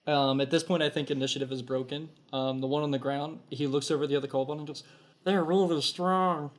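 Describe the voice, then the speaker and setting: Guy game master telling the scene, lots of ums, middle-pitched voice. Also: level tone, fast talker. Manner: hesitant with many ums, voices the kobolds. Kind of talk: narrating a tabletop game.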